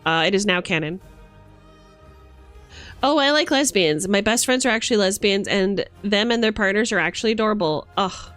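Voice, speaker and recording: Animated playful woman streamer. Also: medium pitch, normal speed, no room sound, faint music behind. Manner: playful, teasing, animated, chatting with viewers. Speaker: streamer playing a bard persona. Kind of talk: casual live-stream chat.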